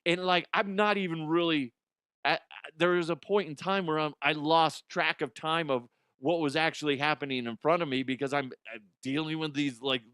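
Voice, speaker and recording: Male podcast host, casual comedic rambler, curses freely, slightly high voice, dry close sound. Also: steady tone, moderate pace, fairly bright tone, clear, resonant tone, dry recording. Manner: rambling, profane, often laughing at himself.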